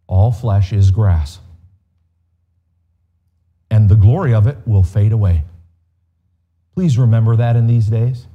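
A man preaches in an earnest, measured way, pausing to appeal directly to his listeners. His voice sits at an ordinary pitch for a man and has a mellow, dark warmth. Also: lo-fi sound. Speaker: pastor. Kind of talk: expository sermon.

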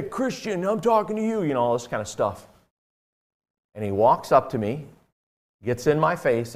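A man preaching a sermon, telling a personal story in an earnest, conversational way with frequent fillers. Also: medium pitch.

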